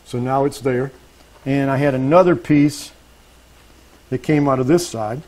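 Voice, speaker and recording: A man's voice: medium pitch, unhurried, darkish tone, low-quality recording. A man giving a live woodworking demonstration to an audience, talking as he works, restarting phrases and checking in with the room. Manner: talks while working, self-correcting, asks audience checks. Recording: faint background noise.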